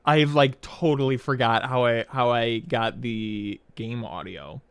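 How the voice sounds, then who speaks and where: A man's voice: mid-range voice, measured pace, vocal fry, clean tone, no echo. Rambling, swearing male streamer, dry sound. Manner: rambling, profane, many "like" fillers. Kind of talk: casual chat while setting up a game stream.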